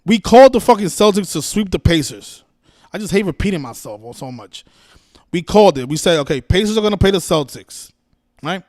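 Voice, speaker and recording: A man's voice: sits high, animated, brisk, a little mellow, no echo. Exasperated man ranting, dry close sound. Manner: exasperated, profane, scolding; repeats and restarts words. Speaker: livestream host. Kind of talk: ranting livestream monologue.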